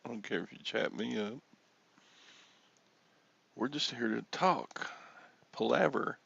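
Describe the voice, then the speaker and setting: A man's voice: medium pitch, slow pace, gravelly, fairly bright tone, slightly rough, lo-fi sound. A man hosting a casual livestream chat, joking and rambling, with frequent chuckles. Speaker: livestream host.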